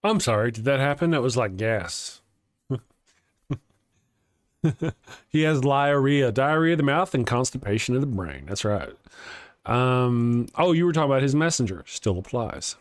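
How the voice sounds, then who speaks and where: A man's voice: mid-range voice, expressive, moderate pace, long pauses, no room sound, studio quality. A man with a Texas accent hosting a casual atheist morning livestream. He rambles, chuckles often and restarts his sentences while reading viewer comments.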